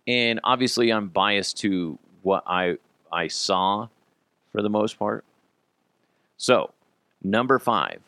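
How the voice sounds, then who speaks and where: A man hosting a podcast in a casual sports-talk style, animated, swearing freely and laughing often. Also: fairly low pitch, no echo. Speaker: podcast host.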